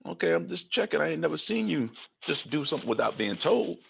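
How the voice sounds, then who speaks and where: A man's voice: on the high side, big pitch swings, fast, creaky, a bit bright, slight background noise, pitched above the performer's own voice, heavily acted. A man voicing a surprised male wood-shop director who checks on a boy in a raised, incredulous voice. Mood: concerned.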